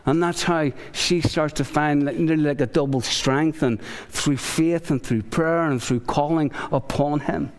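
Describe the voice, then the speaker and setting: A man with a high voice preaching a lively sermon, slipping into the voices of biblical figures. His voice rings out through a large church hall with a long tail of reverb. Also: unhurried, few pauses. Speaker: pastor.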